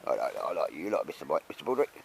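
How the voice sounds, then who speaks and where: A man's voice: a bass voice, sing-song, racing, vocal fry, slight background noise, low-quality recording. A man chatting casually and rambling at a woodland camp outdoors. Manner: chatty, rambling, laughs often. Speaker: host.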